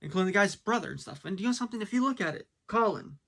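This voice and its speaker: A man's voice: high-pitched, lively intonation, racing, vocal fry, fairly bright tone. A man giving a blunt, casual opinion monologue, full of fillers and rhetorical questions. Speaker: commentator.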